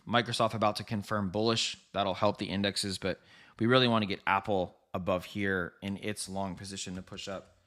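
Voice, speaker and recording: A man hosting a live trading stream, giving quick, rambling market commentary, correcting himself and talking straight to his viewers. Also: fairly low pitch, flat delivery, a bit bright. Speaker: livestream trading host.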